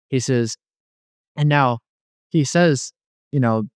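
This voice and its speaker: A man's voice: mid-range voice, expressive, fairly quick, a little mellow, dry recording, clean studio sound. Man rambling through a personal story. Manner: rambling, many "like" fillers, quotes others. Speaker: guest telling his near-death story. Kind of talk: casual testimony.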